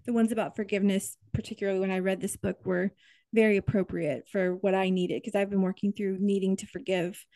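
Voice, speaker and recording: A woman in her thirties hosting a podcast interview, earnest and expressive, with upbeat affirmations. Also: medium pitch, fairly quick, no room sound. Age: 30s. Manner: earnest, expressive, upbeat, tearful while reading aloud. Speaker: podcast host. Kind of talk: interview conversation.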